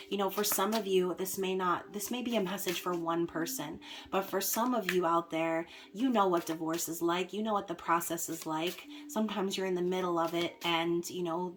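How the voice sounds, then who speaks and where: A woman's voice: on the low side, fairly bright tone, slight background noise. A woman giving a casual tarot reading to camera, chatty and filling her talk with "um" and "okay?". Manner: chatty, frequent fillers and "okay?" check-ins. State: hiccups. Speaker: tarot reader.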